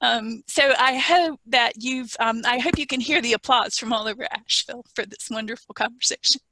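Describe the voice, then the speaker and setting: A woman's voice: on the high side, brisk, pushed and bright, no echo. A woman hosting a webinar over a video call, giving thankful, emotional closing remarks and announcements. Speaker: webinar host.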